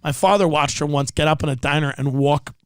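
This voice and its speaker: A man's voice: on the high side, fairly quick, a bit bright, clear, resonant tone, no echo. A man hosting a podcast, delivering a sarcastic, profane comedic rant. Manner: sarcastic, profane, impersonates people mid-rant. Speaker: podcast host.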